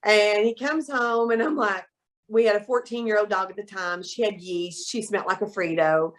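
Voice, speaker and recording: A middle-aged woman, chatting as an interview guest and telling lively stories. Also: mid-range voice, normal speed. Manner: animated storyteller, quotes people in voices. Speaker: guest, soap maker. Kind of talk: casual interview chat.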